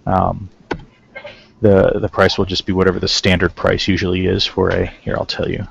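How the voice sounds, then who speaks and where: Gravelly-voiced male game master. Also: sits low, moderate pace, lo-fi sound, slight background noise. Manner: relaxed, rambling narration with fillers. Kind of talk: narrating a tabletop game.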